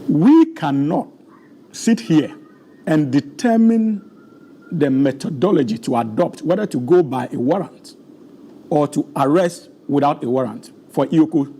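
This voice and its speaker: A man, hoarse and losing his voice, arguing a legal point formally as a guest in a TV studio discussion. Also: a little high, mellow, a little hiss or hum.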